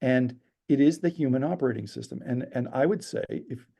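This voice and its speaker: Brief: male podcast guest, dark gravelly voice, animated raconteur. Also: medium pitch, fairly quick. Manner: lively storyteller acting out quotes. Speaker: storyteller guest. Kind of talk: animated anecdote telling.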